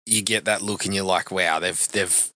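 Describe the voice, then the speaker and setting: A man's voice: low voice, steady tone, moderate pace, sharp tone, no room sound. Sweary man reviewing films. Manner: enthusiastic, sweary, laughs often. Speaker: podcast co-host. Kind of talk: casual film review chat.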